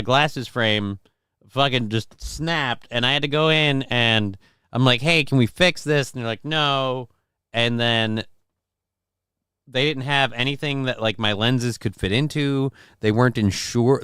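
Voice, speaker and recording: A man's voice: mid-range voice, fairly bright tone, smooth, no room sound, clean studio sound. A man hosting a casual livestream from home, reading out viewer comments in a rambling, profane, self-deprecating way. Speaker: livestream show host.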